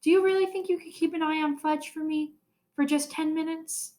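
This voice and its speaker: A woman voicing a worried mother in a hurry, speaking quickly and anxiously in a raised voice. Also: high-pitched, steady tone, warm tone, pitched above the performer's own voice, lightly acted. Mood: rushed. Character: hurried, worried mother of a small boy.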